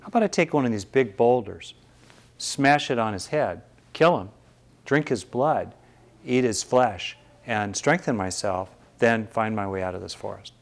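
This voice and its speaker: A man's voice: lowish voice, unhurried, creaky. A man playing a lost, ungrateful hunter in a told fable, urgent and self-serving. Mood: scheming. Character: lost, ungrateful male hunter, desperate and scheming.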